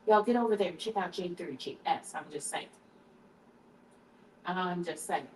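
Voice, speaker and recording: A woman's voice: mid-range voice, expressive, a little slow, slight background noise. A woman hosting a casual live stream from her kitchen, chatting with viewers while she tastes her food. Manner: chatty, talks to viewers, switches to hushed prayer. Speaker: livestream host. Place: home kitchen. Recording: roomy, distant camera mic.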